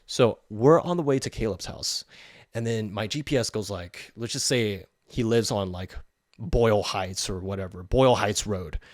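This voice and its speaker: A man's voice: on the low side, normal speed, no room sound, studio quality. A man hosting a podcast, telling a story in a blunt, profane, heated rant. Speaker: podcast host. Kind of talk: ranting storytelling.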